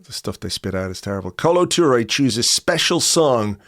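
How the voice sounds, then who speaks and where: A man's voice: medium pitch, very animated, normal speed, a bit bright. A middle-aged man hosting a casual chat in a dry, wry, laid-back way. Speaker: podcast host.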